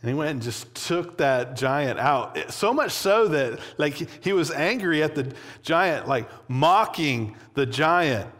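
A man preaching a sermon in a relaxed, conversational way, with plenty of casual fillers. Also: a little high, takes it slowly. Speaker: pastor. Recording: long hall reverb.

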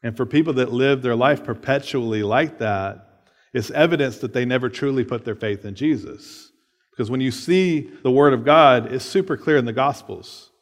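A man's voice: medium pitch, normal speed. A man preaching a sermon in a casual, conversational way, often checking in with "right?" and laughing between points. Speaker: pastor. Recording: long hall reverb.

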